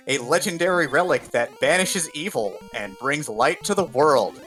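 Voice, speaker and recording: A man's voice: fairly high pitch, animated, normal speed, few pauses, a bit bright, faint music behind. A man commentating a video game tournament, upbeat and explaining the rules of the game to viewers. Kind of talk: esports play-by-play commentary.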